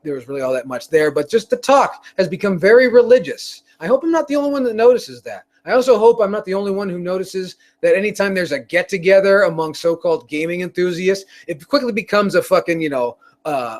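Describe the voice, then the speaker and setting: A man's voice: on the high side, a little fast, few pauses. A man hosting his own show, ranting in a rambling, profane way with frequent restarts. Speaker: show host. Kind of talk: casual rant on a live stream.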